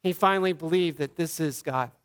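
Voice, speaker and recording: A pastor's Easter sermon delivered by a man in his thirties with a notably high-pitched voice. He tells the story earnestly, slowing to voice quoted words softly.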